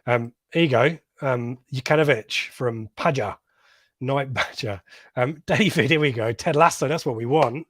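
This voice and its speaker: Man, podcast co-host, casual chat, reads comments, mid pitch, dry close sound. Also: normal speed, a bit bright, no room sound. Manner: chatty, reads out viewer comments, laughs often. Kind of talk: casual live reaction chat.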